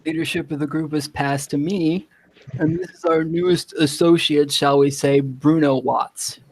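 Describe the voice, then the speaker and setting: A man playing in a tabletop game, speaking for his character in a measured, fairly formal way. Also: on the high side, fairly even intonation, breathy edge, no room sound, rough recording. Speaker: player. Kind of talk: tabletop game role-play.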